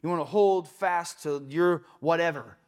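A man's voice: on the high side, moderate pace, clean tone. A young adult man preaching a casual, conversational sermon in a church, breaking into quoted asides. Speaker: pastor. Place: church sanctuary.

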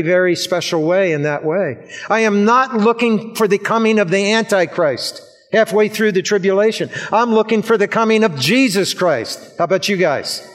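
Guy with a high voice preaching, keeps repeating stuff and asking the church questions. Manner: repetitive emphatic preaching, asks congregation questions. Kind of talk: sermon.

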